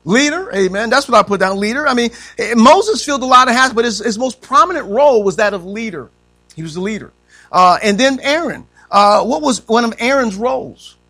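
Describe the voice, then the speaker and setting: High-voiced guy teaching bible class, bright tone, amen every other line, chuckles a lot. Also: animated, brisk. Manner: says amen constantly, asks the class questions; chuckles often.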